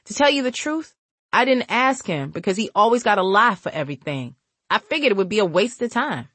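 A woman's voice: mid-range voice, big pitch swings, fairly quick, a bit bright, breathy edge, no room sound, voice pushed up. A woman reading the part of a suspicious young man who questions insistently in street slang.

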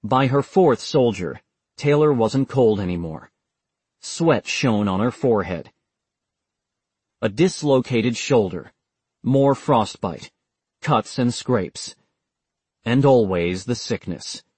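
Husky male audiobook narrator. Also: medium pitch, no echo. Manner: steady, measured reading.

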